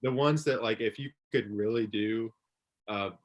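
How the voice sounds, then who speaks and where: A young man chatting casually as a guest, relaxed, with many fillers and easy laughs. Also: fairly low pitch, unhurried. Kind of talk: casual chat on a livestream.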